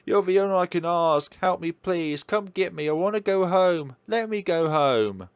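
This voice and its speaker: A man voicing a frightened young woman in a horror game, loud and pleading. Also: sits low, fairly even intonation, fairly quick, dry recording, voice pushed down.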